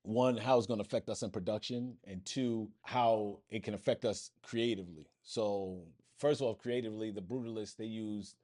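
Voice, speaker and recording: A man's voice: lowish voice, steady tone, moderate pace, hardly any pauses, darkish tone. A man with a New York accent, co-hosting a casual podcast chat and often checking in with "right?". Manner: conversational, rambling with many "right?" checks. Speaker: podcast co-host.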